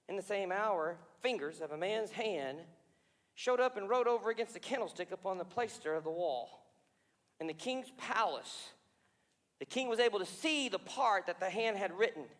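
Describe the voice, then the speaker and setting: A man preaching in a church with a high, bright voice, retelling scripture in an animated way. Personal confessions and questions to the congregation break into the story. His words echo through a large sanctuary with long reverb. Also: normal speed. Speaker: pastor. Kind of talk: sermon.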